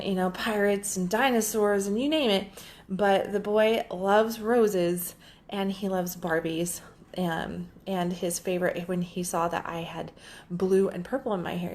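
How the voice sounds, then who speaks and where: A woman life coach talking casually and candidly on a solo podcast, swearing freely and telling stories with lively quoted voices. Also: medium pitch. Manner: animated storyteller, quotes others in lively voices.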